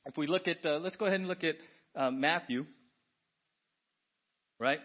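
A man preaching a sermon as pastor, animated, swinging from hushed asides to loud exclamations. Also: fairly high pitch, normal speed, highs cut off. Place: church sanctuary.

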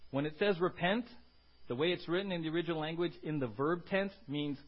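Husky male pastor preaching animatedly. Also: a little fast, lo-fi sound. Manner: animated, swings from loud emphasis to low quiet asides. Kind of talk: sermon.

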